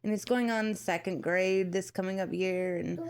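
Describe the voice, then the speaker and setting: A woman's voice: medium pitch, steady tone, normal speed, a crowd in the background. A woman in her thirties chatting casually to her viewers, rambling with many fillers and restarts and acting out what others said. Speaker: vlogger. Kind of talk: casual storytelling to camera.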